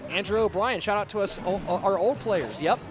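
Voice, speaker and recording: A man casting an online game tournament live, calling plays in a chatty, excitable way and thanking viewers from the chat by name. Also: high-pitched, a little fast. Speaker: esports caster and streamer. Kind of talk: live game commentary mixed with chat reading. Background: background music.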